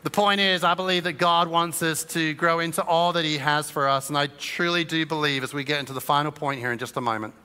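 This English pastor's voice sits fairly high for a man, bright and clean, with fairly even intonation and a long hall reverb from the church auditorium. He addresses the room in a chatty, joking way, slipping into quick impressions of his listeners' thoughts.

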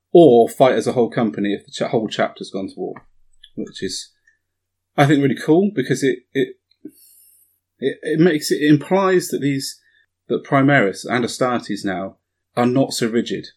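A man's voice: on the low side, slightly rough. A man casually chatting about a tabletop wargame, eager and often repeating himself.

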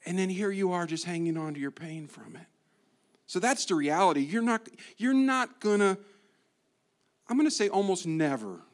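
A man preaching a sermon as a guest preacher, swinging between hushed asides and loud emphasis, with playful humor. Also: high-pitched, expressive, normal speed.

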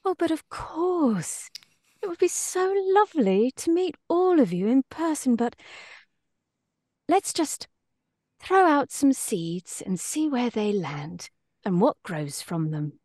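A woman voicing a gentle, cheerful female witch professor of plants, speaking slowly in a soft, soothing lilt. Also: high voice, big pitch swings, dry recording, clean studio sound, voice pushed up, heavily acted. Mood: sweetly gentle. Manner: slow, sweetly encouraging. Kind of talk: acting a game character on request.

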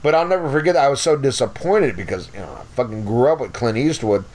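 A podcast guest in his fifties tells stories casually, a blunt, foul-mouthed raconteur who rambles and swears freely. His medium-pitched voice moves fast and sounds a little mellow.

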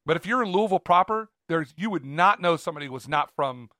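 Brief: male podcast co-host, a touch high-pitched, excitable and rambling, dry close mic. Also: fast talker, no room sound. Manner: enthusiastic, rambling with restarts. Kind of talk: casual podcast chat.

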